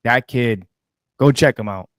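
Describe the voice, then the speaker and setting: A man co-hosting a sports talk show, telling stories in a folksy, animated way. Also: mid-range voice, measured pace, no echo, studio quality. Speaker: co-host.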